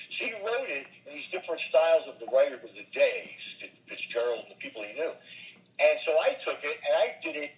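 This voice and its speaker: An older man, a voice actor, chatting in an interview and telling animated stories, now and then dropping into quick impressions. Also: on the high side, dull audio. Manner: animated storyteller, slips briefly into impressions. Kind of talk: casual interview chat.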